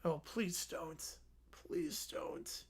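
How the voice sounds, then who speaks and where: A man voicing a weary young boy co-host who pleads flatly with a screaming partner. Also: a little high, drawn-out words, slightly rough, pitched below the performer's own voice, heavily acted. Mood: exasperated. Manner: flat, pleading, fed up.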